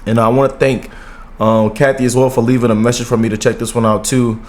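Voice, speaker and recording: A man in his thirties talks casually to his viewers while he reacts to a video. He rambles, restarts his thoughts and keeps tacking "man" onto the end of his lines. His pitch sits at an ordinary middle height, and the tone stays heartfelt and unpolished. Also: level tone, quick pace, a little mellow.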